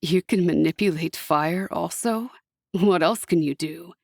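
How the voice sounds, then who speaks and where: A woman's voice: fairly low pitch, a little slow, vocal fry, a little mellow, dry recording, clean studio sound, pitched below the performer's own voice. Woman doing a mischievous young male angel. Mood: coaxing.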